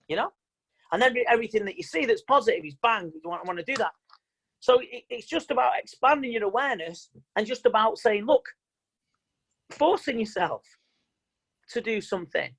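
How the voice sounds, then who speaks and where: Over a video call, a male mind coach runs an online motivational seminar, speaking emphatically, plainly, and with lots of repetition. His voice is high with a fairly bright, slightly rough tone, and the recording itself is rough.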